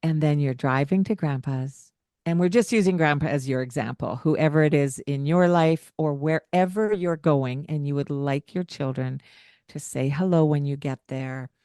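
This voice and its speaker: Lively woman podcast host, low voice. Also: moderate pace, dry recording, studio quality. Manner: animated, acts out singsong greetings to children. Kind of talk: casual parenting advice chat.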